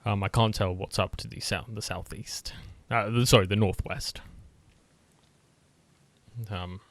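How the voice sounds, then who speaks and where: A man's voice: on the low side, steady tone, unhurried, a bit bright, no room sound. A man playing in a tabletop game, joking around and often restarting his sentences. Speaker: player. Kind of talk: casual tabletop game chat.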